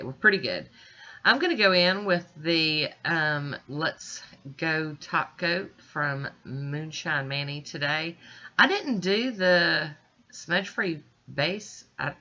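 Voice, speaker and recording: A chatty nail art vlogger with a low yet bright voice talks straight to her viewers, reassuring them as she casually narrates a step-by-step tutorial. Her sinuses are stuffy and congested, she clears her throat, and the audio is muffled.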